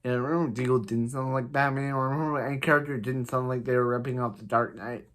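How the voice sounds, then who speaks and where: Man, mid-pitched, rambling exasperated recapper, blunt opinions. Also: steady tone, quick pace, fairly bright tone. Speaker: TV show reviewer. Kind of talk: casual episode recap.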